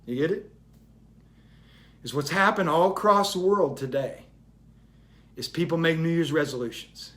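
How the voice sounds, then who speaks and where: A man's voice: on the high side, moderate pace, long pauses, a bit bright. A man giving a motivational talk in an emphatic, repetitive style that builds in intensity. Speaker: motivational speaker.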